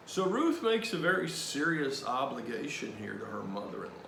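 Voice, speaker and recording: A man leading a Bible study, reading scripture aloud with commentary in a measured, drowsy voice broken by "uh" fillers. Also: mid-range voice, very animated, vocal fry, fairly bright tone, echoey room, slight background noise, low-quality recording. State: drowsy, yawning.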